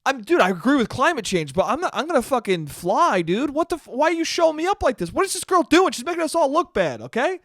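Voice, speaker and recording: Man doing a high, whiny, sulky TV science guy, defensive and swearing. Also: very animated, quick pace, hardly any pauses, a bit bright, no room sound, studio quality, heavily acted. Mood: exasperated. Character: indignant middle-aged male TV science guy. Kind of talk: comic impression in a solo podcast.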